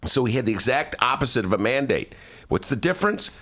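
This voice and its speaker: Animated, rambling talk radio host. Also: male voice, medium pitch, fast talker. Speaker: radio show host and columnist. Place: radio studio.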